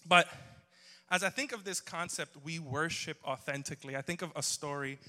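A man's voice: on the high side, normal speed, sharp tone. A man preaching a humorous sermon, telling jokey stories and bantering with the congregation. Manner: joking, storytelling, audience banter. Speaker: pastor. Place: church hall. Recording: long hall reverb.

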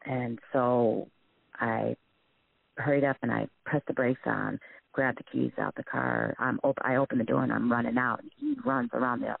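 A man telling a frightening personal story in a halting, shaken way, with many restarts. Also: medium pitch, expressive, gravelly, slightly rough, dry recording. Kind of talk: emotional personal testimony. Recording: tinny phone-line recording.

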